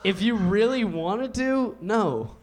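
Playful guest man, high animated voice. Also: takes it slowly. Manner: playful, teasing, gushing compliments. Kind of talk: casual comedic banter.

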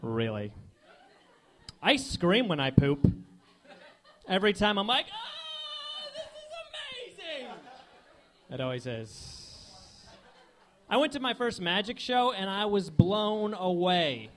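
A young man doing a stand-up set of deadpan one-liners, full of filler words, on a comedy club stage with a handheld mic. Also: sits high.

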